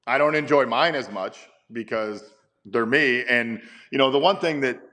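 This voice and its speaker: A man's voice: mid-range voice, moderate pace, pushed and bright. A man in his fifties, a baseball manager, telling stories in a casual interview with rambling, stammering restarts and chuckles.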